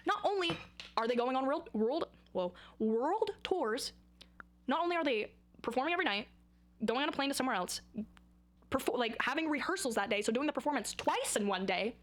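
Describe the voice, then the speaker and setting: A young woman talking in a casual vlog, rambling and excitable with dramatic outbursts. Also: high-pitched, a little fast. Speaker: vlogger.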